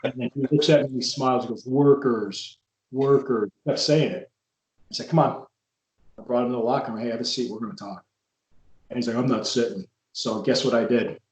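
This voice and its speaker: A man's voice: mid-range voice, steady tone, fast, reverberant, slight background noise, rough recording. A man, a wrestler, talking through his career in a frank, reflective podcast chat. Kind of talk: casual storytelling chat.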